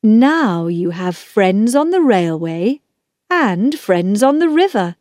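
A woman voicing a gentle, quietly sad mother, speaking softly and reassuringly. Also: mid-range voice, very animated, slow pace, no echo, studio quality.

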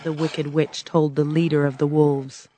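A woman narrating a storybook in a plain, measured reading voice. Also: low voice, little pitch movement, mellow, a little hiss or hum.

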